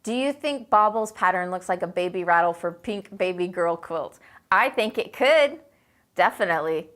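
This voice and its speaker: A woman hosts a live chat indoors with a quilt hanging behind her, reading viewer comments in a chatty, upbeat way and rambling with lots of "you know" and "like." Her voice is lowish but fairly bright, with lively intonation and a moderate pace.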